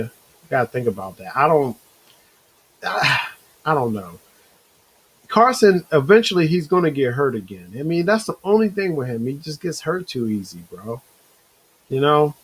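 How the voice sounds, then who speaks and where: Husky-voiced man hosting a live chat. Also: mid-range voice, rough recording. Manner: loose and rambling, calls viewers bro, reads chat comments aloud. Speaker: host of a live-streamed talk show. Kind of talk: casual live-stream chat.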